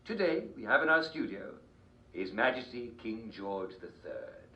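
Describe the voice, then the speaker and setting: A jovial TV host. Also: male voice, medium pitch, very animated, measured pace, bright, forceful tone, a little hiss or hum, heavily acted. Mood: genial. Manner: genial, theatrical announcer delivery. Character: smooth, jovial British TV host man. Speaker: show host. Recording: roomy, distant, dull game broadcast.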